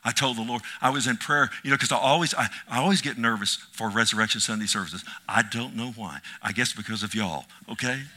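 A man preaching an impassioned sermon as pastor, swinging from loud cries to hushed whispers. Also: mid-range voice, fairly quick, hardly any pauses.

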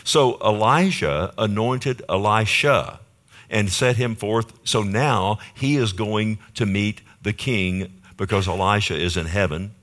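A man's voice: fairly low pitch, fairly bright tone. A man preaching a sermon, reading scripture and asking the congregation questions. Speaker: pastor.

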